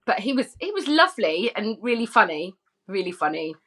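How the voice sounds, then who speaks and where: A woman's voice: mid-range voice, big pitch swings, brisk, fairly bright tone. A woman telling an anecdote as a podcast guest, chatty and giggly, with plenty of fillers. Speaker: podcast guest, former film extra. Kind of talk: casual chat, anecdote.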